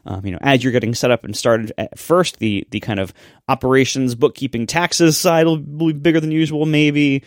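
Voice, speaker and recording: A man co-hosting a casual podcast. He talks in a chatty way, laughs easily and hesitates often. His voice sits at a middle pitch and is recorded close and dry. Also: steady tone, normal speed, no echo. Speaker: podcast co-host. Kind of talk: casual podcast chat and host-read ad.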